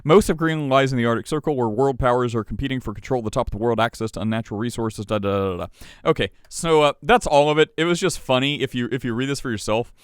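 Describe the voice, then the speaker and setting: A man co-hosts a casual podcast and reads the news aloud, breaking in with sarcastic jabs. His voice is smooth and clean, recorded dry and close with no room sound. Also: mid-range voice, quick pace, no echo. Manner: sarcastic, laughing asides while reading. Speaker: podcast co-host.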